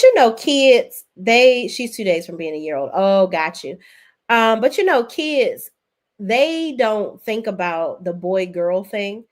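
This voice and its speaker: A woman's voice: lowish voice, darkish tone. A woman, hosting a casual live stream where she reads viewer comments aloud and reacts with chatty gossip. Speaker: YouTube host reading live chat.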